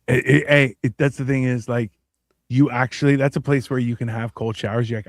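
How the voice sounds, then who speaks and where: A man's voice: mid-range voice, steady tone, fairly quick, dry recording. A man co-hosting a podcast in crude casual banter, rambling with fillers and acting out quotes, recorded close in a studio. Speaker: co-host.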